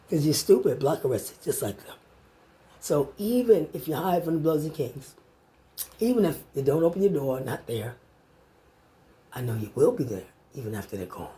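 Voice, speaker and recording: A woman's voice: sits low, sing-song, moderate pace, warm tone, slightly rough. A woman in an angry, profane, direct-to-camera rant, taunting and confronting the listener. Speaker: vlogger.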